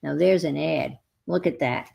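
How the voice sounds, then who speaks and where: A woman's voice: sits low, measured pace, gravelly, mellow, slight background noise. A woman hosting a casual live chat while crafting, rambling as she goes and greeting viewers by name. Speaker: craft livestream host.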